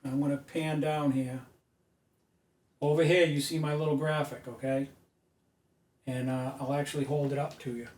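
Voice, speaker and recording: A man's voice: a little high, little pitch movement, moderate pace, pauses often, slight background noise. A man giving an emphatic, preachy lecture at a whiteboard, recorded by a camera mic from a distance in an indoor room. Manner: emphatic, preachy, rising to loud insistence. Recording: echoey room, mic far off.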